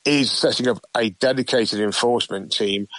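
A man, a campaigner, speaking haltingly with many restarts in a radio interview. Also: mid-range voice, fairly bright tone, dry recording, rough recording. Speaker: campaigner guest. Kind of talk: phone-in interview.

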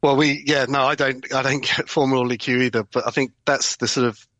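A man talking as a guest in a radio interview, with a wry, quick manner. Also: mid-range voice, steady tone, a bit bright, no echo. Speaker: design guest.

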